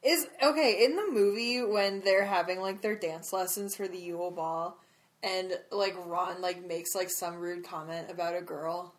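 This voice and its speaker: A woman's voice: on the low side, steady tone, a little slow. A woman co-hosting a casual podcast chat, giggling often while recapping the chapter. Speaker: podcast co-host.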